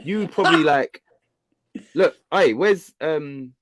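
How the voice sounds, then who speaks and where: A man's voice: a little high, measured pace, dry recording. A man hosting a casual livestream, teasing and bossing his guest with lots of fillers. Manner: teasing, bossy banter with frequent fillers. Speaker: channel host.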